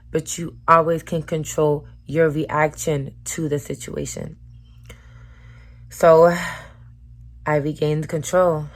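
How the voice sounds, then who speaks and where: A woman vlogger talking frankly and emotionally into the camera, with casual slang and swearing. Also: low-pitched. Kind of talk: candid personal vlog talk.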